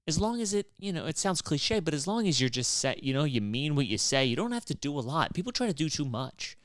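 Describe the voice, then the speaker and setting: Smooth-voiced man rambling on a podcast. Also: on the high side, big pitch swings, brisk, a bit bright, no echo, studio quality. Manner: loose and profane, with many fillers and restarts; wry and exasperated. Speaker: podcast host. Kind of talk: casual rambling monologue.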